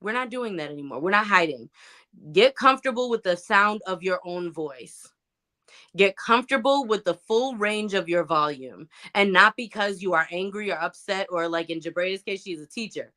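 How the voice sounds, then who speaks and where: Animated, bright-voiced woman host. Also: fairly low pitch. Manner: animated, emphatic, many fillers. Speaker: podcast host. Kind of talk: casual motivational talk.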